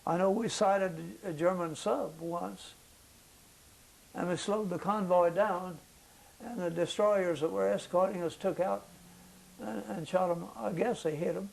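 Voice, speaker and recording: An older man with a high-pitched voice for a man and a gravelly edge to it, speaking in an oral history interview. He recalls the past slowly and haltingly, with frequent uh's and restarts as he works to remember. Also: fairly even intonation, rough recording. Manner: halting recollection with many fillers. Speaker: veteran interviewee.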